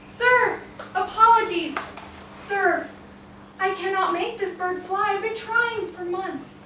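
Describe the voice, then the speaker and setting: A woman's voice: very high voice, slow pace, pushed and bright, slight background noise, heavily acted. A woman storyteller voicing an anxious male head falconer who apologizes and pleads, in an echoey room from far off. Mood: apologetic.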